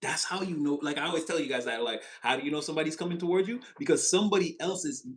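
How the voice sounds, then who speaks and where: A man giving a casual, animated tarot reading, chatty and expressive and quick to laugh. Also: fairly high pitch. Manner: animated, chatty, swings into voices, laughs often. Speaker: tarot reader.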